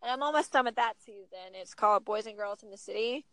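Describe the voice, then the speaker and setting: A woman in her thirties talking casually as a podcast guest, telling stories with lively acted-out quotes. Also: medium pitch, quick pace, no room sound, low-quality recording. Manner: animated storyteller, acts out quotes. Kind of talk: casual chat.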